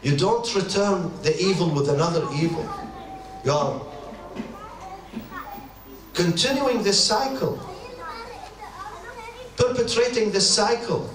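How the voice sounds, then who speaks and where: A man's voice: high voice, slow pace, long pauses, far from the mic. A middle-aged man from the Middle East, preaching a sermon on marriage. He talks emphatically and repeats his points, acting out quoted speech. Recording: echoey hall, voice from afar, faint hiss.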